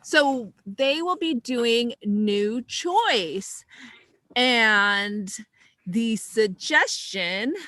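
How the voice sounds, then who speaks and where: A woman's voice: fairly high pitch, expressive, extremely slow, sharp tone, no room sound. A woman hosting an improv comedy show over a video call, announcing the games in an upbeat way.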